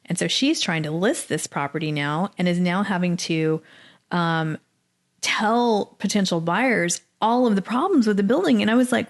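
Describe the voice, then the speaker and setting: A middle-aged woman from Dallas, Texas, telling her story as a podcast guest, animated and acting out the people she quotes. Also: mid-range voice, normal speed. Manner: animated, acts out quoted voices. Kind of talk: casual storytelling interview.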